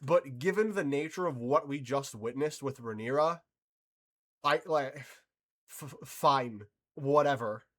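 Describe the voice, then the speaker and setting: A man's voice: mid-range voice, a little slow, a bit bright. A man giving casual reaction commentary on a TV episode, exasperated and swearing, often trying to compose himself after fits of laughter.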